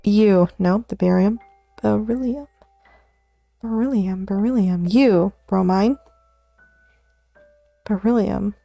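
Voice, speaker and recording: A woman's voice: mid-range voice, slow, vocal fry, pauses often, warm tone, no room sound, soft background music. A woman streaming while she studies, murmuring names to herself, slipping into whispers and laughing at her own mistakes. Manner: muttering element names to herself, often dropping to a whisper; self-deprecating, laughs at her own slips. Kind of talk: casual study stream chatter.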